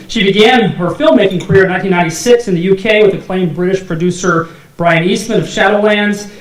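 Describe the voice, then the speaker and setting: A man acting as emcee at an awards dinner, reading thanks and an introduction and joking in little asides. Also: fairly high pitch. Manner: jokey, laughs at own asides. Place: banquet hall. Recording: echoey hall, faint noise.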